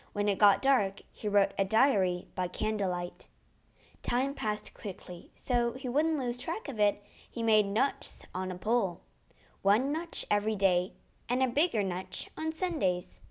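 A woman narrating a classic adventure storybook in a clear, expressive read-aloud manner. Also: medium pitch.

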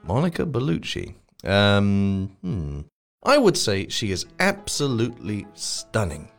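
Deep-voiced relaxed man teacher. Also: slow, soft background music. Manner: relaxed, explains word meanings plainly, laughs easily. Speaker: English teacher co-host. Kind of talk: casual bilingual lesson chat.

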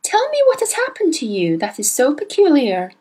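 A woman reading a storybook aloud, voicing a gentle, kindly young teacher who speaks calmly and patiently. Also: high voice, normal speed, pitched above the performer's own voice.

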